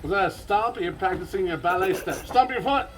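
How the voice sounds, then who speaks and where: A man's voice: high voice, animated, a little fast, slight background noise, poor audio. A man leading a crowd in live outdoor street theater, commanding and theatrical with dry sarcastic asides. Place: outdoor festival stage.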